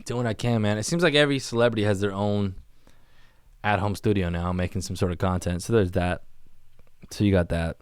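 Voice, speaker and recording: A man's voice: fairly low pitch, fairly even intonation, brisk, smooth, dry recording. A man hosting a casual solo podcast from a small studio, rambling in a laid-back way and saying dude and man constantly. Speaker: podcast host. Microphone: studio microphone on camera.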